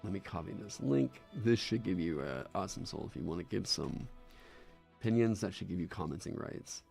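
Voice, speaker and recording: A man hosting a casual game design stream, talking in a halting, rambling way with lots of fillers. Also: low-pitched, expressive, gravelly, a little mellow, soft background music.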